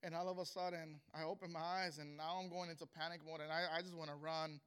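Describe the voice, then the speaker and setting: A young man shares a personal testimony in a high, bright voice with a clear, resonant tone and little pitch movement. It is emotional spoken testimony, earnest and heartfelt, halting, with frequent mid-sentence stops and many restarts.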